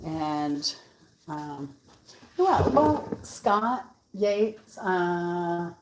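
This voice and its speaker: Woman, cooking vlog host, slightly low voice, unhurried rambling storyteller, laughs a lot. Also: lively intonation, background noise. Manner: rambling, with many fillers and restarts; laughs often while telling stories. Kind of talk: casual storytelling chat. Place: home kitchen.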